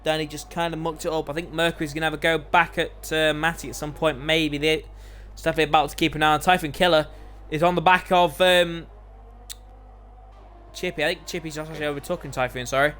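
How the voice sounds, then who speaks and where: A man commentating live on an online racing league, excitable, his voice climbing whenever an overtake happens. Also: fairly high pitch, quick pace, a little hiss or hum.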